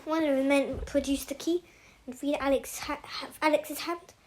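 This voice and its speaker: Amateur woman reader, high-pitched, stop-start delivery with many self-corrections. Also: steady tone. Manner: halting, with frequent restarts and self-corrections. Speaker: audiobook reader. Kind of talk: amateur novel reading.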